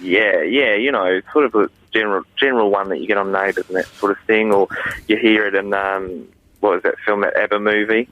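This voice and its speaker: A man's voice: lowish voice, steady tone, a little fast, dry recording, lo-fi sound. A man guesting as an accent coach on a radio show, chatting casually, laughing often and explaining with hesitant fillers. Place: radio studio.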